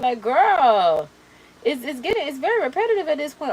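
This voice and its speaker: A young adult woman hosting a reaction video, chatting casually in a sassy, animated way while doing her makeup. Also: high voice, moderate pace, slight background noise, poor audio. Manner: sassy, animated, slangy and expressive.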